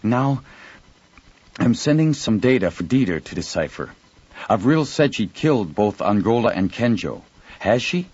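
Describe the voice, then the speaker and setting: A man's voice: lowish voice, sing-song, moderate pace, darkish tone, slightly rough, no room sound, lo-fi sound, pitched above the performer's own voice. A man voicing a woman officer stranded aboard a crippled starship, keeping her replies level and dutiful. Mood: steady.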